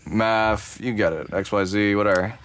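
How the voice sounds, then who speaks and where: A man co-hosting a podcast while high, rambling casually and swearing as he loses his train of thought. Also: moderate pace, fairly bright tone. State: high on cannabis. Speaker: podcast co-host. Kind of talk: casual chat.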